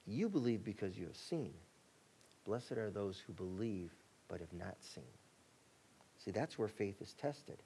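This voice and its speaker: A male pastor preaching a sermon in a conversational way, acting out quotes and shifting between excited bursts and quiet, soft passages. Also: on the low side, unhurried, long pauses, slightly rough. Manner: conversational preaching, acts out quotes, rising and dropping to a hush.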